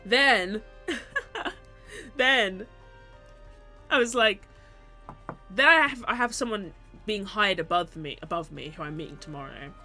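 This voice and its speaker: A woman's voice: medium pitch, expressive, takes it slowly, pauses often, pushed and bright, faint music behind. A woman streamer in casual chat, rambling and self-mocking and often laughing.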